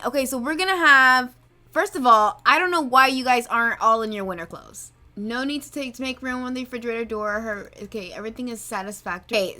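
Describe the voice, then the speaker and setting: A young woman narrating her life-sim game let's play in an excitable, dramatic way, full of gasps and exclamations. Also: fairly high pitch.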